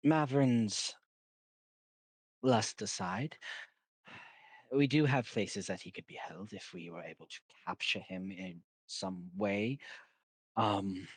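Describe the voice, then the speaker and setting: A man voicing a male commander in a tabletop game, speaking in a measured, plain way and pausing to think. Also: lowish voice, husky, dry recording, poor audio.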